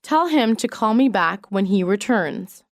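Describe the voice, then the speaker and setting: A woman reading business English sentences aloud in a measured, clearly enunciated way. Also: mid-range voice, expressive, no echo, studio quality. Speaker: English phrase reader. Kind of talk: slow read-aloud example sentences.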